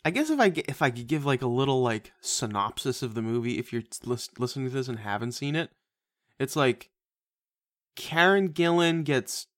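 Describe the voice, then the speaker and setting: A man's voice: medium pitch, animated, moderate pace, fairly bright tone, no echo, studio quality. A man co-hosting a casual movie-review podcast, profane and sarcastic, laughing often as he talks. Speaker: podcast co-host.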